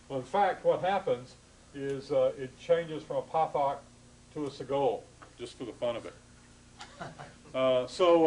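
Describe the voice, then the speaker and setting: A man's voice: mid-range voice, a little mellow, rough recording. A man giving a classroom lecture to students, explaining patiently with frequent hesitations and restarts.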